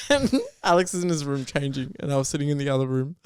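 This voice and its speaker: A young man co-hosting a casual podcast, laughing often and chiming in with quick agreement. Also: on the high side, clear, resonant tone, no echo, studio quality. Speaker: podcast co-host. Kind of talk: casual chat.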